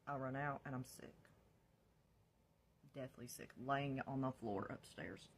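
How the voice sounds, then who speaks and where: A woman with a rumbling low voice tells the story of her past at an unhurried pace, with slight noise in the background. She's candid and casual, laughs now and then, and drops to a whisper when quoting herself.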